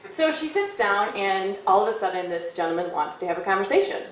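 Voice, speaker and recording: A young woman telling a story on stage at a café, casual and lively, acting out quoted lines with hushed asides. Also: mid-range voice, brisk, slight background noise. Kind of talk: live storytelling. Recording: echoey live room from far off.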